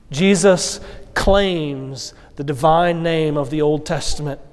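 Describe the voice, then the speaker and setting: A pastor delivering a sermon, telling the story with expressive acted quotes. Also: male voice, a little high, slow, smooth. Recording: long hall reverb.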